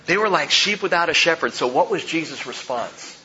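A man preaching a sermon as pastor, animated and joking, acting out the people in the story. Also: fairly high pitch, a little fast, highs cut off, a little hiss or hum.

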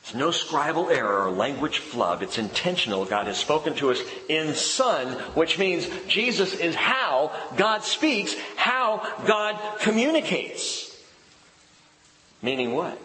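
Animated male preacher in an echoey hall. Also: slow pace. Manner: animated preaching, drops low and soft for emphasis. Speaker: pastor. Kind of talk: sermon. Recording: echoey hall with long reverb.

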